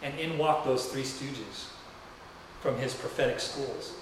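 A man's voice: mid-range voice, fairly even intonation, unhurried, noisy background. Echoey, distant man preaching a sermon. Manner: storytelling, conversational and rambling. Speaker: pastor. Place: church sanctuary. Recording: very echoey room heard from a distance.

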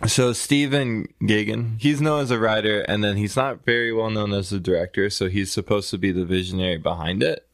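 A man co-hosting a casual podcast, easygoing and quick to laugh. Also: on the low side, no echo, clean studio sound. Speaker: podcast co-host. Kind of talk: casual chat.

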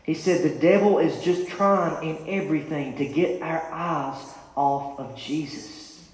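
A man's voice: fairly high pitch, a little slow. A man preaching a sermon in a church, with rising, impassioned calls and repeated refrains. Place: church sanctuary. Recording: echoey church hall.

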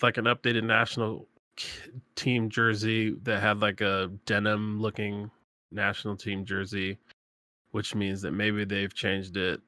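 A man in a casual chat, opinionated and quick to laugh. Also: on the low side, pushed and bright, dry recording, studio quality. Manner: chatty, opinionated, laughs often.

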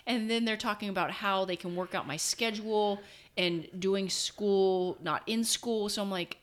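A woman's voice: mid-range voice, normal speed. A woman guest in an interview, casually telling stories and acting out what people said. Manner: animated, acts out quoted voices. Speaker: guest, former national team soccer player.

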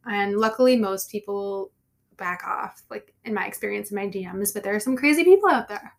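Woman, podcast co-host, casual talker with quick opinionated reactions. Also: medium pitch, creaky. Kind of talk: casual chat.

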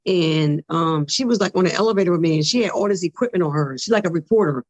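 Animated woman telling her story. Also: on the low side, fast talker. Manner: animated, acts out quoted dialogue, repeats words when excited. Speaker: podcast guest. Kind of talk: casual interview storytelling.

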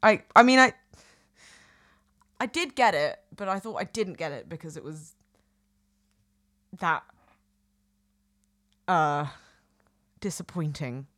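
A woman's voice: lowish voice, fairly bright tone, dry recording. Chatty northern English woman. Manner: chatty, playful, quick to laugh and tease. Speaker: podcast co-host. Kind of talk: casual chat.

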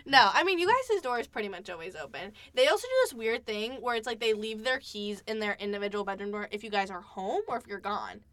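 A woman's voice: mid-range voice, fast, hardly any pauses. A young woman hosting a podcast, telling stories in casual chat and acting out quotes with lots of filler words. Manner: animated storytelling, acts out quotes, many fillers. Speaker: podcast host.

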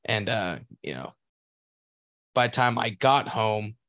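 A man's voice: lowish voice, very animated, slow, fairly bright tone, dry recording, studio quality. A man co-hosting a casual podcast, telling a crude story at length, rambling and laughing as he goes. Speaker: podcast co-host.

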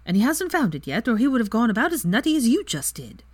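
A woman reading aloud and voicing a calm, knowing young witch who gives matter-of-fact advice. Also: fairly high pitch, quick pace, dry recording, pitched above the performer's own voice.

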